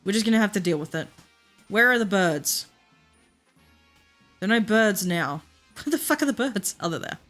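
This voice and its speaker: A woman's voice: medium pitch, animated, moderate pace, pauses often, fairly bright tone, faint music behind. An Australian woman streaming a game and chatting casually, swearing freely and laughing through her stories. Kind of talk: casual chat while gaming.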